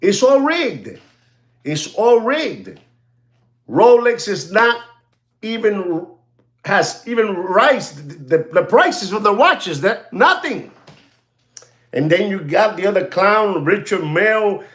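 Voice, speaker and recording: Man, high voice, very animated swings, sarcastic ranting watchmaker host, repetitive. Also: slow. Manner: sarcastic, repetitive, switches into Spanish. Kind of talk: ranting monologue.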